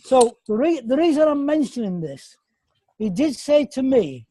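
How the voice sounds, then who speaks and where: A man's voice: very high-pitched, sing-song, normal speed, dark tone, dry recording. An English man rambling and apologising during a casual group video call. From England. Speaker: meeting participant.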